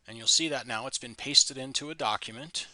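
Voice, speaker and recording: A man presenting a screen-recorded software tutorial, explaining in an easygoing, plain way with small restarts. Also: medium pitch, fairly quick, no echo.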